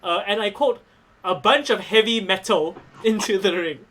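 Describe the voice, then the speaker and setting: A man's voice: high-pitched, fairly bright tone. A man acting as game master for a tabletop wrestling game, narrating with playful jokes and swearing. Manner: playful, swearing, quick to joke.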